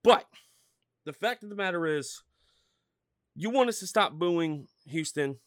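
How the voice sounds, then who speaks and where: A man with a high, bright voice rants and swears through a sports podcast, his pitch leaping all over. The sound is dry and close. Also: expressive, measured pace, no room sound. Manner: loud, swearing, rambling and fired-up. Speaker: podcast host. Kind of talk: profane sports rant.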